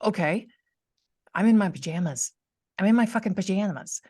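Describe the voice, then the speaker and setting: A woman's voice: medium pitch, expressive, normal speed, warm tone, husky, no room sound, clean studio sound. A middle-aged woman hosting a podcast, telling a personal story in casual chat over a video call. She acts out the people in her story and laughs often. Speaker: podcast host.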